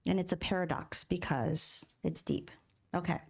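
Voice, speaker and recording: A woman's voice: fairly low pitch, moderate pace, vocal fry, a little mellow, breathy edge. A middle-aged woman minister giving a sermon in a church, talking conversationally, asking the congregation questions and acting out inner voices. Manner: acts out inner voices in quotes. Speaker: guest minister. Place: church sanctuary.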